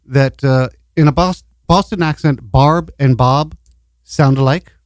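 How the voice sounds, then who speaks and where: A man's voice: mid-range voice, measured pace, no room sound. A man co-hosting a community radio show, bantering crudely and playfully in the studio. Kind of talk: loose, joking studio banter.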